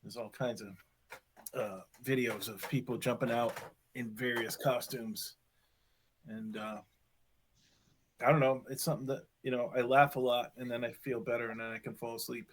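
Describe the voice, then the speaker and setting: A man's voice: mid-range voice, level tone, normal speed, long pauses. A man in casual chat, easygoing and agreeable, mostly giving short replies. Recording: noticeable background noise.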